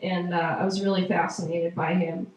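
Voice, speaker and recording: Recorded from a distance in a roomy open mic venue, a woman from a small Massachusetts town performs stand-up. Her voice is on the low side, level and a little mellow, at a moderate pace. She chats away, mocks herself, and often laughs at her own jokes.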